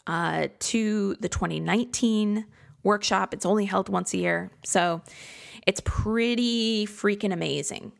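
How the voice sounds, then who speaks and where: A woman with a fairly low, creaky voice hosts a podcast from her home studio in a converted garage. Her casual solo talk is chatty, reflective and self-deprecating.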